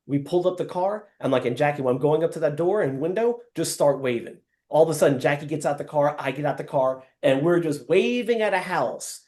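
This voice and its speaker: A man leading a live sales training session over a video call, acting out scenes and calling on trainees by name. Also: a little high. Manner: animated, acts out scenes, addresses trainees by name.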